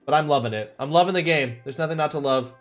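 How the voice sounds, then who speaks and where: Soft music plays behind a man streaming a video game as he chats upbeat with his audience and thanks them energetically. He speaks quickly in a fairly high voice.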